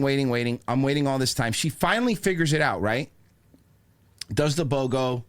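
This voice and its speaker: A man hosting a podcast, telling a comedic rant full of swearing and quick impressions of the people in his story. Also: medium pitch. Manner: animated, profane, mimics people in his stories. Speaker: podcast host.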